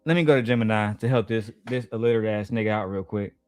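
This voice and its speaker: A man's voice: on the low side, fast talker, a little mellow, dry recording, studio quality, soft background music. A male host giving crude, mocking commentary in blunt slang while reacting to clips.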